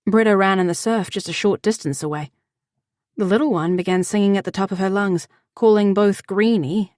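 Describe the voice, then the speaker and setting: A woman narrator reading a fantasy romance audiobook in a measured, even way. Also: medium pitch, no echo, clean studio sound. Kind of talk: scripted narration.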